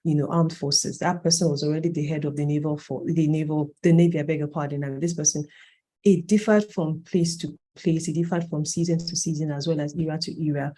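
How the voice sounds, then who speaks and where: A workshop facilitator in their late thirties, with a warm mid-range voice, lectures a training cohort conversationally. They stress key points and correct themselves mid-sentence.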